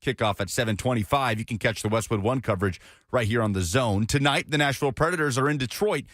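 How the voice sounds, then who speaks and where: A male announcer reads a scripted sports update in a steady, even way. His pitch is ordinary, and the booth sound is dry. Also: fast, no room sound. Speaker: station news announcer.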